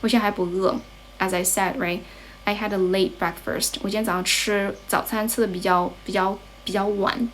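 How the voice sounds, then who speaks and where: Young woman with a Chinese accent hosting a casual phone livestream from home, mid pitch, faint background noise. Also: steady tone, moderate pace. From China. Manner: chatty, switches between English and Chinese. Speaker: livestream host and English teacher. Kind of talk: casual bilingual livestream chat. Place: grandmother's home, indoors.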